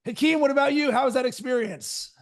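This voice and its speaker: High gravelly energetic male coach. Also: fast. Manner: energetic, emphatic, punchy catchphrases. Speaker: host and video coach. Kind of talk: live workshop coaching.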